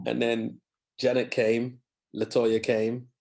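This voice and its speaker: A man, a guest musician telling animated anecdotes in a podcast interview and acting out other people's voices. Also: medium pitch, slow, creaky. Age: 50s.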